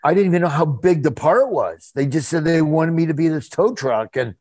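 A man's voice: fairly high pitch, animated, a little fast, darkish tone, no room sound. A middle-aged man being interviewed about his voice acting over a video call, folksy and enthusiastic, laughing often. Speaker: voice actor guest. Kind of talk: casual interview.

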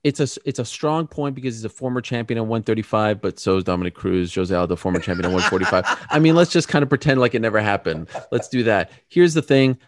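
A man co-hosting a casual sports chat show, talking fast and getting insistent and excitable as he argues his picks. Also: on the low side, dry recording, studio quality. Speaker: co-host.

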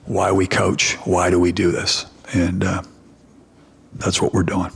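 A middle-aged man coaching basketball talks to reporters in a low, gravelly voice. His tone is husky and held in a narrow, flat range. He rambles, restarting sentences as he tells his story. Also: unhurried. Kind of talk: press conference answers.

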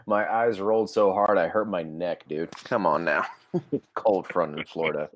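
A man's voice: low-pitched, measured pace, dry recording. A man co-hosting a sports podcast, talking casually with easygoing filler words. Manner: conversational, easygoing, frequent "uh" fillers. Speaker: podcast co-host.

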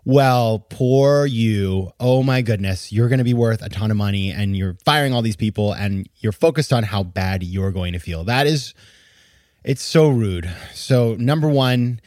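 A man's voice: lowish voice, moderate pace, a little mellow, no room sound, clean studio sound. A man hosting a podcast, giving emphatic, exasperated casual commentary and laughing now and then as he talks. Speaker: podcast host.

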